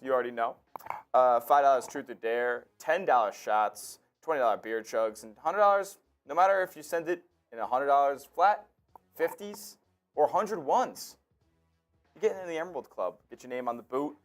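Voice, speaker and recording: A man's voice: mid-range voice, expressive, moderate pace, soft background music. A man co-hosting a live sports stream, chatting casually, laughing and reading out messages from viewers. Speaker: co-host.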